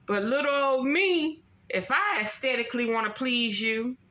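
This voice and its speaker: A woman's voice: high voice, normal speed, bright, forceful tone. A woman ranting about astrology in a casual vlog, blunt and emphatic, swearing constantly and repeating herself. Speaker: astrology vlogger. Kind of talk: casual profane astrology rant. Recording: roomy echo.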